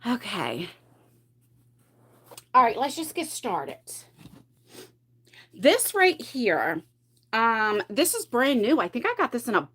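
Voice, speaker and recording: A woman's voice: fairly high pitch, pushed and bright. A woman hosting a casual beauty livestream from home, chatty and rambling, laughing often and a bit out of breath. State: a bit out of breath from carrying heavy boxes. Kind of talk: casual live chat while decluttering makeup. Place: at home, in pajamas.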